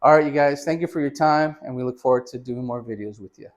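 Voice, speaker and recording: A man's voice: mid-range voice, fast talker. A man teaching chest X-ray positioning, talking casually to students and giving patients instructions. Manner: casual, talks to students as "you guys"; gives patient instructions loudly. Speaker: radiography instructor. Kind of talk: hands-on teaching demonstration and storytelling.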